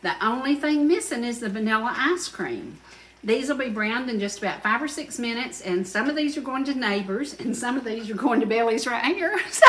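A Southern woman in her sixties hosts a cooking segment on a studio kitchen set, talking in a chatty, homespun way. She leans on repetition to make her point, and her voice sits a touch high. The studio adds a noticeable echo. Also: a bit bright. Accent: Southern American. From Georgia, USA. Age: 60s. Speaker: cooking show host. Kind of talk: folksy cooking demonstration.

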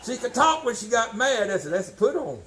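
A man preaching a sermon, folksy and emphatic, swinging from shouts to low tones. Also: very animated, normal speed, rough recording. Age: 60s.

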